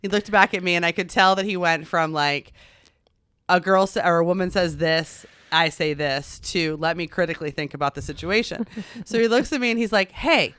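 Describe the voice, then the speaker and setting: A woman in her thirties co-hosting a parenting podcast, telling personal stories in an animated way and acting out the dialogue. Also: fairly low pitch, a little fast, smooth, no room sound. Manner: animated storyteller, acts out dialogue. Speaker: podcast co-host. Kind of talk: casual chat, personal storytelling.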